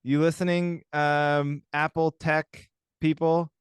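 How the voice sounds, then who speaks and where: A young man co-hosting a podcast in casual, jokey chat, arguing playfully and telling stories with a slightly husky throat. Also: fairly high pitch, level tone, takes it slowly, no echo, clean studio sound. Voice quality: husky, like a smoker's voice right now. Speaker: podcast co-host.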